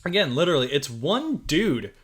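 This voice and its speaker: A man's voice: fairly high pitch, sing-song, normal speed, fairly bright tone. A man hosting a podcast, recapping a film in a rambling, laughing, swear-heavy casual chat. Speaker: podcast host.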